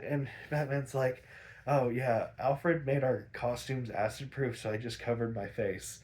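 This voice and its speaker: A young man casually recapping a TV episode, rambling with lots of fillers, laughing often and acting out characters in quick raised voices. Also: mid-range voice, steady tone, darkish tone. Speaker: podcast host recapping episodes.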